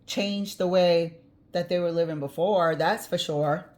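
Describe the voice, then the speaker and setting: A woman's voice: lowish voice, fairly even intonation, a little slow, a little mellow. A woman giving a casual tarot reading, chatty and blunt, with the odd swear word and easy laughter. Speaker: tarot reader.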